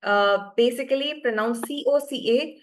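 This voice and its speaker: A woman's voice: on the high side, normal speed. A woman teaching French to beginners in an online class, explaining patiently and often checking that students follow.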